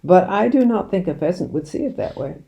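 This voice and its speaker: A woman reading aloud, voicing a calm, soft-spoken and slyly witty father. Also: on the low side, fairly quick, vocal fry. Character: calm, sly, twinkly-eyed country father.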